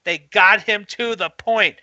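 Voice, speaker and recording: A man co-hosting a casual wrestling chat, excitable and gushing, his voice jumping into loud squeals when he gets worked up. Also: high-pitched, unhurried, no echo, dull audio. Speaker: podcast co-host.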